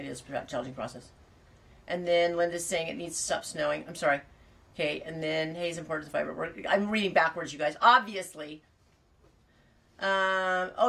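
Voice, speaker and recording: A woman hosts her farm show and chats casually with live viewers. Her voice sits on the lower side, and she rambles and restarts sentences often. She sounds a little distant from the microphone. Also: a little fast, gravelly, fairly bright tone. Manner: rambling, many restarts and asides. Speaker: farmer and fiber podcast host.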